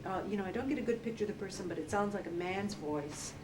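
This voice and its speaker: A woman working as an animal communicator, talking gently and hesitantly in a relaxed consultation, with many fillers. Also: medium pitch, fast talker. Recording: distant, roomy, noisy field recording.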